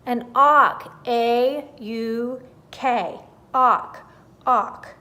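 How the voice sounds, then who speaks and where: A polite yet fussy little auk bird, voiced by a woman reader who corrects grammar and spells out names. The high voice gets loud and clipped with exasperation. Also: normal speed. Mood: exasperated. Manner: precise and correcting, growing exasperated.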